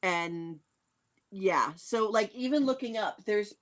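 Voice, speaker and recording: A woman's voice: mid-range voice, slow. Brief: New England woman, casual co-host, easygoing anecdotal chat. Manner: chatty, relaxed anecdotes with filler words and laughs.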